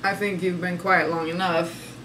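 A tarot reader gives a casual, sassy reading, talking emphatically and laughing often. Her lowish voice stays fairly flat in pitch at a moderate pace with a fairly bright tone, and the low-quality recording carries a little hiss or hum.

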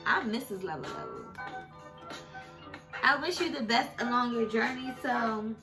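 Emotional woman tarot reader, gravelly high voice. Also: expressive, unhurried. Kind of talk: casual tarot reading to viewers. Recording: music playing behind her.

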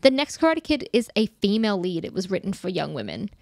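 A woman co-hosting a casual film chat podcast, animated and blunt, swearing freely and laughing often. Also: mid-range voice, fast, no echo. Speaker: podcast co-host.

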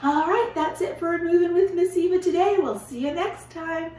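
High-voiced woman leading kids' movement. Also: moderate pace, distant mic. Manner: gentle, encouraging, sings along. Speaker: children's movement teacher. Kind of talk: children's movement and song lesson. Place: her home. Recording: roomy, from away from the mic.

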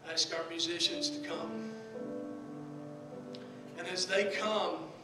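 A Southern US pastor preaching a sermon, swinging from shouted passages to soft hushed ones, recorded in a large church sanctuary from a distance. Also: male voice, on the high side, steady tone, slow, loud music behind the voice. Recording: echoey church hall from far off.

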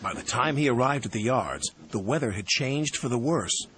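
Expressive male storyteller. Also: medium pitch, normal speed, very noisy. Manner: expressive narration. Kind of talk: storybook reading. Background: music.

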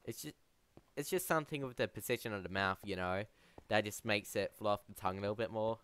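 A man's voice: fairly low pitch, fast, fairly bright tone, a little hiss or hum. A man streaming a game, chatting casually and rambling to his chat, calling them bro. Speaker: gaming streamer.

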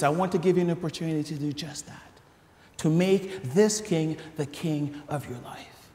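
High-voiced pastor in an echoey hall. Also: male voice. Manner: animated, conversational, stumbling restarts, calls the crowd "friends". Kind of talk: sermon. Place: large church hall.

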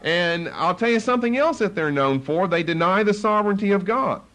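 A man's voice: sits high, lively intonation, fairly quick, fairly bright tone. A man preaching a Bible study sermon as pastor, emphatic, driving points home by repeating key phrases.

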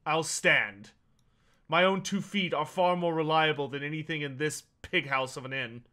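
A man voicing a gruff, haughty male dwarf rune lord who speaks with scorn. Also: fairly high pitch, normal speed, sharp tone. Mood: scornful. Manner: scornful, clipped.

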